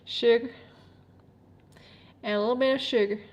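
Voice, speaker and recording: A woman's voice: fairly high pitch, steady tone, normal speed, a little mellow, lo-fi sound. A woman with a German accent, a native German speaker, chatting casually on a livestream, rambling with many fillers and frequent laughs. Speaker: livestreamer reading chat.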